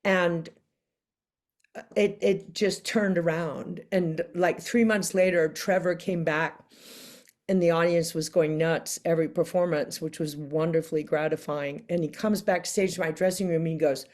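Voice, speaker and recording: Lowish-voiced woman telling lively stories. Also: measured pace. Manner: animated, acts out the people she quotes. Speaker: interview guest. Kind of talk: casual storytelling in a sit-down interview.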